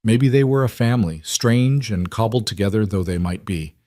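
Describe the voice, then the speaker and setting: A man narrating a western romance story in a calm, measured scripted reading. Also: lowish voice, no room sound, clean studio sound.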